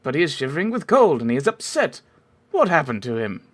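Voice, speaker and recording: A man's voice: fairly high pitch, very animated, brisk, voice pushed up. A man voicing a courteous, slightly flustered Victorian doctor, dubbing a silent game cutscene. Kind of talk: amateur dub over a silent game cutscene.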